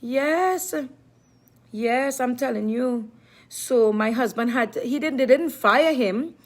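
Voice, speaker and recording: A woman's voice: on the high side, takes it slowly. A middle-aged woman talking casually to her viewers in an emphatic, repetitive way, often speaking of herself in the third person. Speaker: live-stream vlogger.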